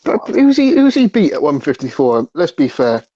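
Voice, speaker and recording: Blunt sarcastic podcast host. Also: male voice, on the high side, sing-song, normal speed, dark tone. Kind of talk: casual sports chat. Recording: dull lo-fi audio.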